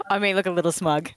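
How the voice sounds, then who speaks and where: A woman plays her character at the table with a playful, giggly manner. Her voice leaps around in pitch with plenty of life. It is recorded close and dry. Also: fairly bright tone, no echo. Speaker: player. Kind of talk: playing a character in a tabletop game.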